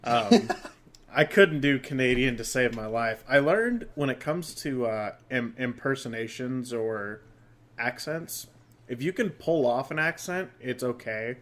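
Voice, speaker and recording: American male podcast host, casual chat, relaxed, chatty and quick to laugh. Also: mid-range voice. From United States.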